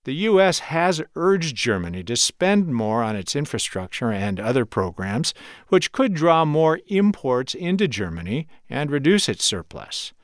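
A male radio correspondent reading a scripted news report in a measured, clear delivery. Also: medium pitch, sing-song, no echo, clean studio sound.

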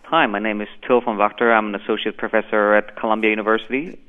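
A man's voice: fairly low pitch, fairly even intonation, smooth. German-accented man on a tinny phone line. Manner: measured, explanatory, with restarts. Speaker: economics professor. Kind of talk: interview over the phone.

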